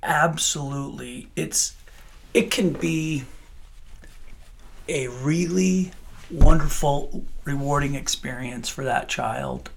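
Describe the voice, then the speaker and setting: A man's voice: fairly high pitch, takes it slowly, vocal fry, slight background noise. A middle-aged man working in child welfare, answering interview questions in an earnest, heartfelt way with many restarts.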